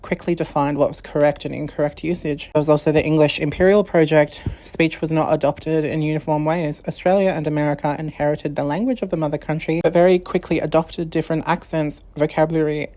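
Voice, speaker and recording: Low, flat-voiced woman narrating. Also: low-quality recording. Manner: measured, reading quotations aloud. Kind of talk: scripted documentary narration.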